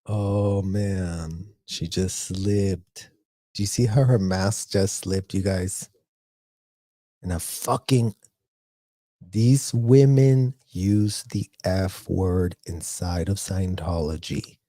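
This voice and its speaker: A male commentator talks over clips in a scornful, exasperated tone and keeps slipping into mimicry. His voice is mellow and somewhat dark. The recording is dry and close, with no room sound. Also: deep voice, fairly even intonation, takes it slowly, no room sound. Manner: mocking and indignant, mimics others. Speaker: commentary vlogger. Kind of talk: critical commentary video.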